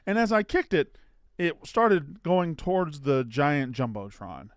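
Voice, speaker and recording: A man's voice: a little high, a little slow, no room sound, clean studio sound. A man co-hosting a sports podcast, rambling and joking, swearing freely in casual chat. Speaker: podcast co-host.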